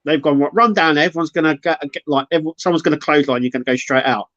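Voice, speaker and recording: A man's voice: on the high side, rapid-fire, a bit bright, muffled recording. A man co-hosting a podcast, speaking casually and agreeably. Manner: agreeable, chips in with short yeahs. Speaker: podcast co-host. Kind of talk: casual wrestling chat.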